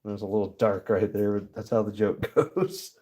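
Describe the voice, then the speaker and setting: A man talks through a relaxed live stream from his workshop, drifting between topics while he stamps metal. His voice sits fairly low with a soft, warm tone. He swears freely and breaks into easy laughs. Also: normal speed, a little hiss or hum. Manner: rambling, swears often, laughs easily. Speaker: livestream host. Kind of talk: casual live stream chat.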